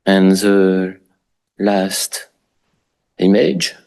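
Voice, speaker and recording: A man with a French accent, a native French speaker, giving an architecture lecture in English with frequent pauses and restarts. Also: sits low, lively intonation, creaky, darkish tone. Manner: halting, many fillers and restarts. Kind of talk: public lecture.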